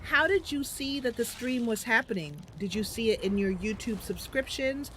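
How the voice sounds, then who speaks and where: A woman's voice: a little high, moderate pace, fairly bright tone, a little hiss or hum. A woman streaming a game, chatting and muttering her plans to herself as she plays. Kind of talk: thinking aloud while playing.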